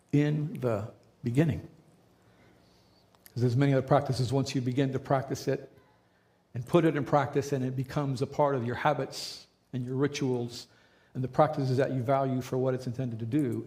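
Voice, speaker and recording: A male pastor at medium pitch delivers a sermon conversationally and without strain, coming back to key phrases again and again for emphasis.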